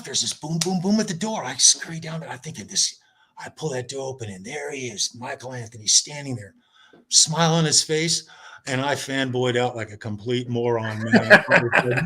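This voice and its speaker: A man telling a long anecdote as a podcast guest, animated and acting out quoted dialogue, over a video call. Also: medium pitch, slightly rough. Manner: animated storyteller, acts out quoted voices. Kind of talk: casual storytelling chat.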